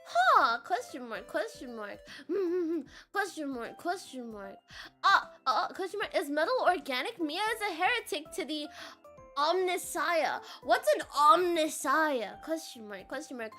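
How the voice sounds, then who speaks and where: A young woman VTuber chatting casually with her live chat, giggly and playful with frequent loud laughter. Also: high-pitched, very animated, measured pace, soft background music. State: sore throat. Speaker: VTuber streamer.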